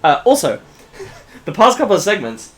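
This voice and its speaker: A man's voice: high voice, big pitch swings, moderate pace. A man hosting a game playthrough, chatting casually in a rambling, hesitant way. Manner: rambling, hesitant, with fillers and laughs. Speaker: let's play host. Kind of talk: casual chat.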